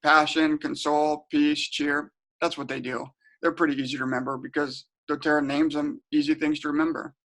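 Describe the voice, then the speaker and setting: A man's voice: a little high, fairly bright tone. A middle-aged man giving a casual webinar talk, chatty and storytelling, often repeating and restarting words. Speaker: webinar presenter. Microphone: home webinar setup.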